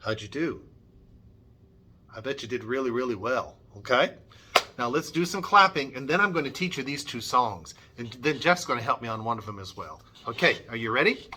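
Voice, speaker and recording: A man's voice: medium pitch, expressive, moderate pace, background noise. A middle-aged man leading a children's church music lesson, upbeat and coaxing, modelling sounds for the kids.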